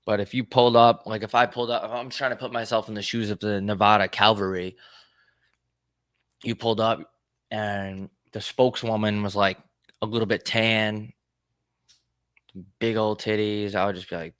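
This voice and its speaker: A man's voice: fairly low pitch, steady tone, normal speed, long pauses, a bit bright, no room sound, clean studio sound. A young man hosting a casual solo show, riffing aloud in a crude, rambling way with lots of swearing and laughter. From United States. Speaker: podcast host.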